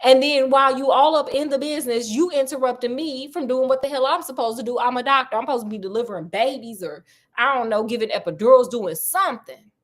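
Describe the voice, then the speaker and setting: A woman's voice: sits high, natural voice. Woman doing a brusque, impatient male doctor. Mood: dismissive. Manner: curt, dismissive, fast-talking slang.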